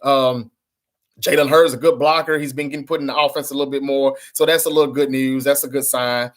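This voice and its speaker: A man's voice: medium pitch, fairly even intonation, brisk. A man hosting a sports fan channel, ranting bluntly and with frustration to camera, swearing and repeating himself. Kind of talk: casual fan rant to camera.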